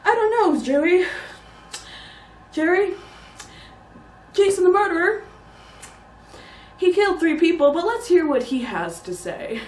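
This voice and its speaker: A man putting on the voice of an over-balanced TV news anchor, pitched high and emphatic. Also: sing-song, measured pace, pauses often, echoey room, far from the mic, full character voice. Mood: mock-earnest. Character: breathless even-handed TV news anchor.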